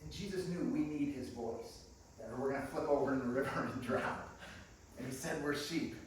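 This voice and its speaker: A man's voice: mid-range voice, normal speed, slight background noise. Enthusiastic man preaching in an echoey church. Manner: enthusiastic, calls congregation friends, laughs often. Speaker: guest preacher. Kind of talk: sermon. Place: church sanctuary. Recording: echoey room picked up from a distance.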